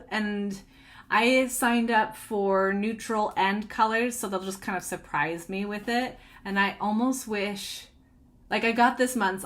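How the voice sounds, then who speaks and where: A woman chatting casually about her cross-stitch projects, bubbly and giggly, rambling with restarts. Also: mid-range voice. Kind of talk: casual chatty show-and-tell.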